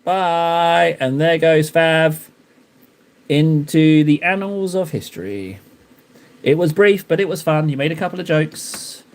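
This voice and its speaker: Taking it slowly in a fairly high voice, a young adult man chats casually with his live-stream audience as he paints miniatures, playfully teasing them with mock-dramatic outbursts.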